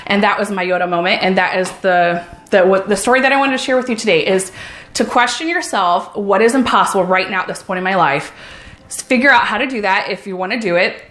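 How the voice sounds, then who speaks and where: A woman's voice: medium pitch, fast talker, fairly bright tone, reverberant. Upbeat, encouraging woman vlogger. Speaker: vlogger, runner and mom. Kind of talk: casual motivational vlog.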